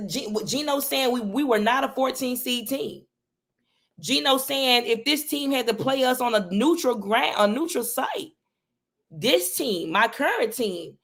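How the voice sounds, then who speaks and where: Gravelly-voiced woman coach. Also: a little high. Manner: earnest, passionate, builds points with repetition. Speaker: basketball coach, guest. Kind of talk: casual interview talk.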